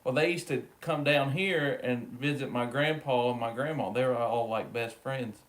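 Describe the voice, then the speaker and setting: A man co-hosts a relaxed live stream, talking straight to his viewers by name. His chat is easygoing and full of jokes, at a middle pitch. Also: normal speed. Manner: chatty, joking, talks to viewers by name.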